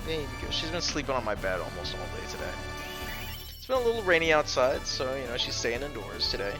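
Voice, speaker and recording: A man talks his way through a game on a live stream, chatty and thinking out loud. His voice sits at an ordinary pitch and swings around a lot as he reacts. Game music plays steadily behind him. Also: very animated. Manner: chatty, thinks aloud, quick to laugh. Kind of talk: live gameplay commentary. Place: at home.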